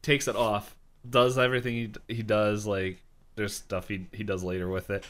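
A man's voice: on the low side, level tone, moderate pace, a bit bright. A man co-hosting a podcast, rambling and laughing as he searches for words to describe a scene. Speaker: podcast co-host. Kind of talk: casual episode recap chat.

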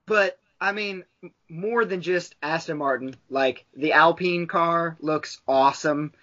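A man's voice: on the high side, measured pace, pushed and bright. A man chatting casually on a podcast, rambling from point to point and cursing freely. He fills his talk with "like" and restarts. The sound is a bit dull and lo-fi. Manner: rambling, profane, with frequent fillers. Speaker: podcast co-host. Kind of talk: casual chat.

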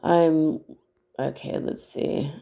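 A woman's voice: sits low, fairly even intonation, extremely slow, vocal fry, mellow. A woman hosting a spiritual podcast, telling a casual, rambling story with frequent laughs and casual swearing. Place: small studio apartment.

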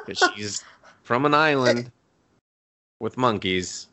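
A young man chatting on a podcast with a bright, animated voice that leaps up and down. He rambles, swears freely and laughs a lot as he recaps a show. He keeps the talk loose and casual. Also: takes it slowly, pauses often, slight background noise. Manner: rambling, profane, laughs often, acts out characters in a high voice. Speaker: podcast co-host. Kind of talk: casual chat, recapping an anime episode.

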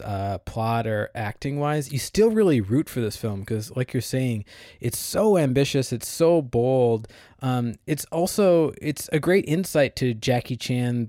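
A man's voice: mid-range voice, warm tone, no echo, studio quality. A man co-hosting a podcast, chatting enthusiastically about a film, with plenty of "um" and "uh" as he thinks aloud. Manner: enthusiastic, hedging with fillers. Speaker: podcast co-host. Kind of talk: casual film discussion.

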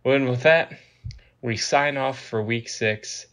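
A man's voice: mid-range voice, takes it slowly, fairly bright tone. A man co-hosting a casual podcast, joking with mock outrage at his friends. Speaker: podcast co-host. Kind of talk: casual banter.

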